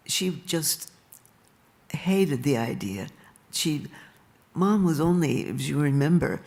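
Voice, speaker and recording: An older woman tells her stories to a live audience at a leisurely pace. Her voice has a rough, gravelly grain, and she laughs softly now and then. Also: sits low. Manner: slow and unhurried, with soft laughs. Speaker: speaker at a live talk. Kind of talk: storytelling at a live event. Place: stage in a large venue.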